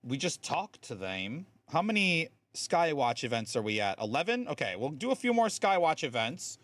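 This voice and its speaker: A man's voice: fairly high pitch, sing-song, moderate pace, fairly bright tone, slight background noise. A man streaming a game, explaining game mechanics in a chatty way with lots of fillers. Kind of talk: casual live-stream commentary.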